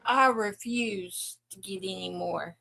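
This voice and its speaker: A woman's voice: medium pitch, slow, vocal fry, a crowd in the background, low-quality recording. A woman co-hosting a livestream in casual chat at home, joking and laughing often. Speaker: livestream co-host. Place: indoors at home.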